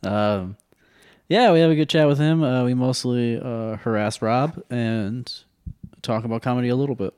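A man's voice: mid-range voice, moderate pace, a little mellow, clear, resonant tone, no room sound, clean studio sound. A man hosting a comedy podcast, bantering playfully and laughing often. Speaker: podcast co-host.

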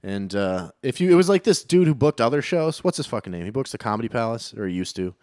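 Profane storytelling comedian. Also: male voice, medium pitch, sing-song, fast, a little mellow, no echo, clean studio sound. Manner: profane, storytelling with acted-out quotes. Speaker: stand-up comedian. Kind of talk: casual podcast chat.

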